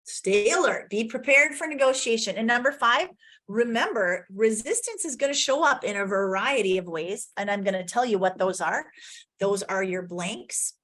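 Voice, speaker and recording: A woman coach giving an energetic virtual conference talk, telling client stories and acting out their lines, on a video call. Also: mid-range voice, moderate pace. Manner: energetic storytelling, acts out client's quotes.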